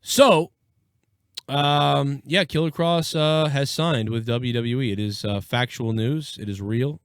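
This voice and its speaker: A man's voice: mid-range voice, steady tone, takes it slowly, clean tone, dry recording, clean studio sound. A man hosting a casual live call-in show, rambling and profane, laughing easily. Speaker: live show host taking calls.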